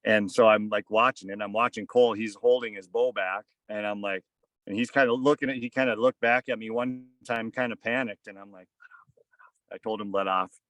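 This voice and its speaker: A man guest on a podcast telling a story casually, rambling with many fillers and hushing his voice for quoted asides. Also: on the low side, steady tone, brisk, no room sound, rough recording. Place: outdoors on a fishing boat.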